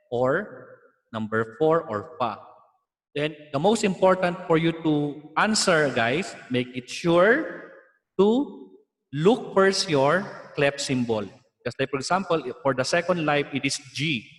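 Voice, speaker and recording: Filipino guy teaching music theory online, kinda high voice, lots of reverb in the room. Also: fairly bright tone. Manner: explaining patiently, mixing in Tagalog asides.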